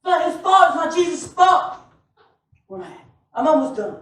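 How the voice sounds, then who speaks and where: A man preaching a sermon, telling stories with laughter and bursting into shouts. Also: extremely high pitch, normal speed. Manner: animated, often shouting, laughing storyteller. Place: church sanctuary. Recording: echoey church from far off.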